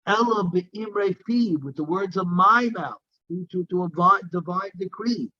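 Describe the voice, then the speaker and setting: A man's voice: high-pitched, measured pace, bright, forceful tone, highs cut off. A man teaching a daily Talmud class, reading Aramaic text in a singsong and explaining it in English. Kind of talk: Talmud lesson, reading and translating.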